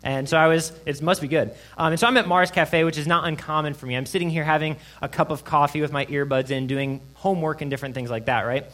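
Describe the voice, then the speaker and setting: A young man, a guest preacher, praying and then telling a story in a lively, chatty sermon. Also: a little high, fast, few pauses. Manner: lively, conversational storyteller, many asides. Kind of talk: sermon with prayer and personal story.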